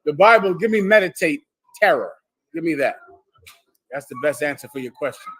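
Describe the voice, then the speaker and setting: A man's voice: fairly high pitch, animated, normal speed, a bit bright. A man leading a congregation, giving a bold, joking preaching lecture and answering questions from the floor. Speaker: leader teaching a congregation. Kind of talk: street-style preaching lecture.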